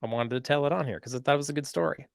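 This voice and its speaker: A man's voice: a little high, very fast, vocal fry, no room sound. A man hosting a podcast, telling a story in a casual, rambling way, full of "like" and "right?". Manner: chatty, rambling, lots of "like" and "right?". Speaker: podcast host.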